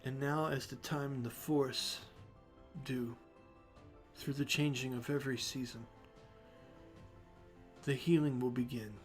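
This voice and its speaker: A man voicing a regal, mystic female humanoid creature in a tabletop game, speaking softly and hushed. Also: mid-range voice, steady tone, unhurried, pauses often, faint music behind, lightly acted. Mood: gentle, soothing. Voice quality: soft and hushed, near whisper. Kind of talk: tabletop game role-play.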